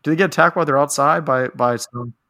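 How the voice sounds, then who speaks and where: A man's voice: fairly high pitch, fast, pushed and bright. A man chatting casually on a podcast, recapping a film in a rambling way, often laughing and acting out lines. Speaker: podcast co-host.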